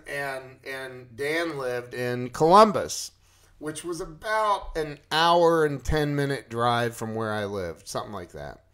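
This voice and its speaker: A man casually telling a personal story to his live chat, animated and acting out his own panic. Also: medium pitch, slow.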